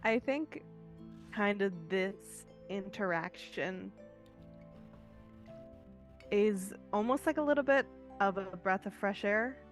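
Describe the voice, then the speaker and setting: Woman player in a tabletop game, mid-pitched, slow and thoughtful, lots of likes and kindas. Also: faint music behind. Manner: thoughtful, hesitant, lots of fillers. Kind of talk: tabletop role-play chat.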